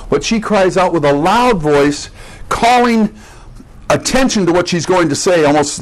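Man, pastor, Bible teaching sermon, slightly high pitch, repeats key points. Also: lively intonation, low-quality recording. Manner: explains word meanings, pauses to repeat key points.

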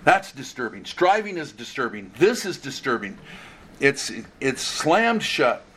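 A man's voice: medium pitch, sing-song, unhurried, fairly bright tone, slight background noise. A man preaching an expository sermon, earnest and conversational, often restarting phrases.

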